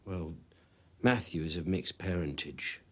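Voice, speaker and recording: An actor playing a patient male detective who questions a witness hesitantly and softly in a TV police drama. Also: sits low, a little slow. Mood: cautious. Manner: hesitant, soft-spoken questioning.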